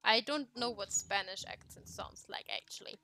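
A woman's voice: medium pitch, moderate pace, sharp tone, slight background noise. A woman with a German accent chatting casually while playing a game, swearing freely and poking fun at herself. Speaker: let's play streamer. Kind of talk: casual gameplay chat.

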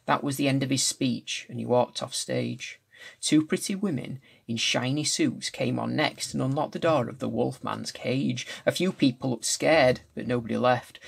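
A man reads a storybook aloud in a very gravelly, husky voice. He stumbles over words now and then and goes back to correct himself. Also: mid-range voice. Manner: restarts and corrects slips while reading. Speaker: reader. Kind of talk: reading a novel aloud.

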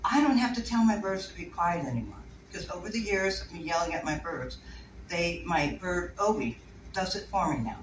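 A woman's voice: lowish voice, animated, a little fast. A woman giving a casual talk about keeping birds, chatty and rambling, laughing often. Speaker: bird keeper giving a talk. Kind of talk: casual talk to a small audience. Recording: echoey room, distant mic, faint noise.

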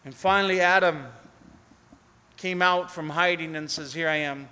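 A man's voice: fairly high pitch, fairly even intonation, moderate pace, smooth. Earnest preaching man in a reverberant hall. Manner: earnest preaching that swells to pleading and drops to near-hushed tones. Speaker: pastor. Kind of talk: sermon. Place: church sanctuary.

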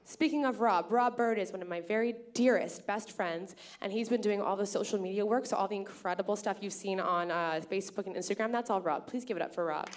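A woman's voice: mid-range voice, fairly quick, few pauses. Woman host, from Canada, live stage emcee, chatty storyteller. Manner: chatty, grateful, storytelling with many fillers. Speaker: festival organizer and host. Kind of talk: onstage emcee speech to a live audience. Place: live theatre stage at a festival.

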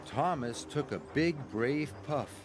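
Man, storybook narration, slow and lively, music bed underneath. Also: mid-range voice, background noise. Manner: slow, expressive.

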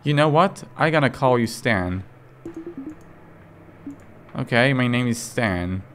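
A man's voice: medium pitch, lively intonation, slow, fairly bright tone, a little hiss or hum. A man doing let's play commentary, joking and reading in-game lines aloud with sudden outbursts. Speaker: gaming commentator.

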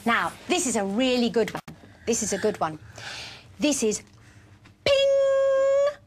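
A woman's voice: medium pitch, expressive, normal speed, very noisy. A woman presenting a children's television programme, talking to small children in an encouraging, playful, sing-song teacher's manner. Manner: playful, gently coaxing.

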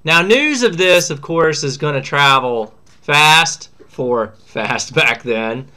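A man's voice: on the high side, expressive, slow, pushed and bright. A man teaching a history lesson in a casual, slangy way, acting out what historical figures say. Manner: chatty, slangy, acts out quotes.

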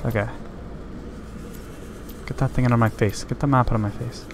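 A man's voice: mid-range voice, steady tone, normal speed, background noise. Jittery young-sounding male gamer. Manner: nervous, easily startled, screams when scared. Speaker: gameplay commentator. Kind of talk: let's play commentary.

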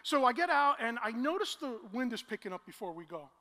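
Male preacher, storytelling sermon, pushes to loud emotional climaxes, bright tone. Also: very high-pitched, very animated, fairly quick. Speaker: pastor. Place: large church hall. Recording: long church hall reverb.

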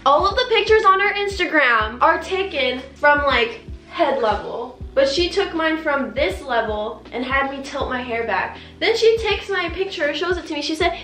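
A woman's voice: expressive, normal speed, few pauses, bright, forceful tone, faint music behind. A young woman telling the story of a bad haircut, close to tears and frustrated, acting out both sides of the conversation. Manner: tearful, frustrated, quotes herself and the hairdresser in higher voices. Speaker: vlogger. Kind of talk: emotional storytime rant. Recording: echoey room.

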